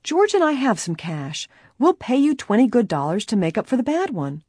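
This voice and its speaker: A woman's voice: on the high side, very animated, moderate pace, a little mellow, breathy edge, no room sound, studio quality, pitched above the performer's own voice. A woman reading an audiobook, voicing a worried teenage girl who protests and pleads. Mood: pleading. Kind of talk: audiobook character voice.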